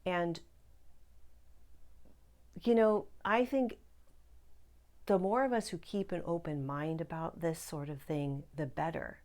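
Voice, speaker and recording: A woman's voice: deep voice, steady tone, slow pace, pauses often, a little mellow. A woman hosting a spiritual-growth video channel, talking chatty and earnest to her viewers with gushing asides. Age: adult parent. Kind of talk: casual direct-to-camera vlog talk.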